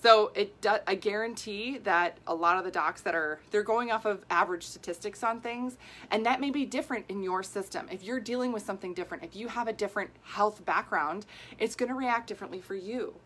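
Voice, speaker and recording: A bright, forceful-sounding woman in her forties hosts a casual live video on women's health. She talks in an animated, worked-up way, laughing often and acting out what other people say. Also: medium pitch, brisk. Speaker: women's health coach and host. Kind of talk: casual live video answering viewer comments.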